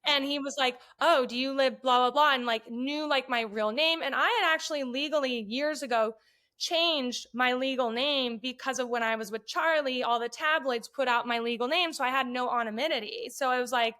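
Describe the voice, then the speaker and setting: A podcast guest with a high-pitched voice tells casual stories at a moderate pace. She's blunt and swears a lot, animatedly acting out the voices of the people involved.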